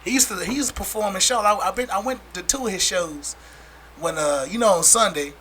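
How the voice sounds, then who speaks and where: High, very bright-voiced podcast host. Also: male voice, brisk, a little hiss or hum. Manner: animated, hypes up the guest. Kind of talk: casual podcast chat.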